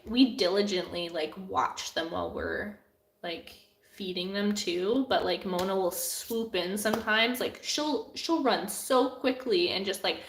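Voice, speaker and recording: Here the same kind of speaker, a young female artist, runs a casual livestream Q&A from her home with her cats around, giggling and filling her speech with "like." Her voice sits at medium pitch with a fairly bright tone. A desk-mounted camera captures it, giving a roomy sound.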